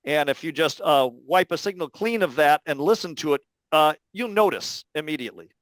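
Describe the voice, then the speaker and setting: A man delivers an academic talk, explaining ideas patiently and pausing often to find his words. His voice is smooth and a little higher than most men's, recorded close and dry with no room sound. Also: lively intonation, a bit bright, dry recording, rough recording. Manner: measured, explanatory, many "uh" pauses. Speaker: linguistics lecturer. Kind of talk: academic talk answering questions.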